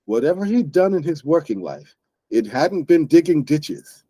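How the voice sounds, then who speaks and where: A man hosting an English book club, explaining words slowly and plainly to learners and often checking in with "right?". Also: on the high side, very animated, mellow, no room sound.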